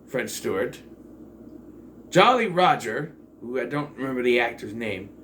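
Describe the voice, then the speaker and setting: Man, casual movie review, rambling, lots of fillers, swears now and then, mid-pitched voice, faint background hiss. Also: expressive, a little slow, a bit bright. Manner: rambling and digressive, with profanity and many fillers.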